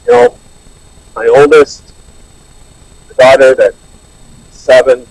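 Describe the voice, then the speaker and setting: Earnest man sharing haltingly. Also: medium pitch, steady tone, a little mellow, no echo, rough recording. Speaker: meeting participant sharing. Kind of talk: personal recovery share. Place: online meeting.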